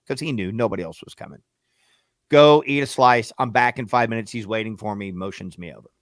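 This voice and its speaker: A man co-hosting a radio show, telling a story with animated, profane energy and acting out arguments. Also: fairly low pitch, a little fast, dry recording, clean studio sound. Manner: profane, acts out shouting matches in quotes.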